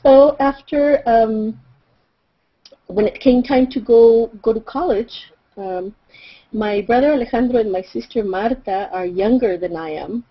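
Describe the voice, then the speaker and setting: A middle-aged woman from Mexico with a Mexican accent, whose first language is Spanish, telling a personal story in a reflective way, with fillers and soft laughs. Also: fairly high pitch, unhurried, husky. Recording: slightly dull recording.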